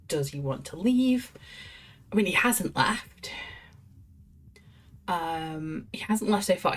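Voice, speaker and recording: A woman streamer giving chatty, amused commentary while playing a game. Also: low voice. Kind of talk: live gameplay commentary.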